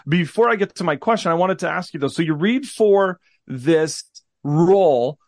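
A man's voice: a little high, lively intonation, normal speed, dry recording, studio quality. A man co-hosting a podcast, asking long, rambling questions in a casual, conversational way. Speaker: podcast co-host.

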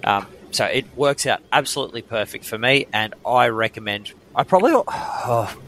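A man's voice: mid-range voice, normal speed, fairly bright tone, slight background noise. A man with an Australian accent, co-hosting a sports podcast and giving firm, opinionated takes with frequent ums. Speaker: podcast co-host. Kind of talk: casual sports chat.

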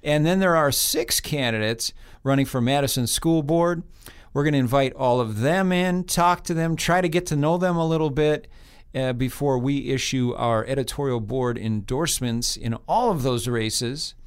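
A man's voice: medium pitch, moderate pace, smooth. Fifty-year-old man chatting on a podcast. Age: 50s. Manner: joking, chatty, laughs easily. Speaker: podcast host, editorial board member. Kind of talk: casual podcast chat.

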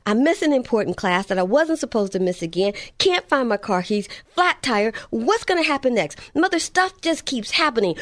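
A woman's voice: a little high, no room sound. A woman voicing her young adult son, a college student complaining that everything is going wrong. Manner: whiny, complaining.

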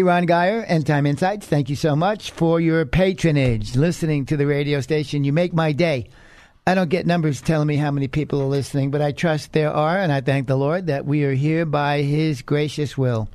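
Male radio Bible teacher, slightly high voice, earnest and chatty, dry close sound. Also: a little mellow, no room sound. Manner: earnest, conversational, with fillers.

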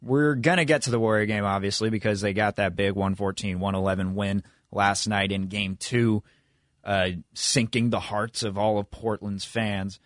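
A man's voice: fairly low pitch, steady tone, normal speed, no room sound, clean studio sound. A man co-hosting a sports radio show, talking loosely about basketball with frequent restarts. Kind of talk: casual sports radio chat.

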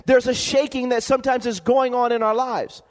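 A man's voice: extremely high pitch, little pitch movement, normal speed. A man preaching a sermon as pastor, calling for amens and repeating his words as he builds a point. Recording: long hall reverb.

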